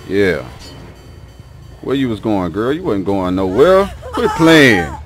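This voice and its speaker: A man's voice: fairly low pitch, very animated, takes it slowly, loud music behind the voice. A man streaming a game live, playfully trash-talking his opponents in slang. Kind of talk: live gameplay commentary.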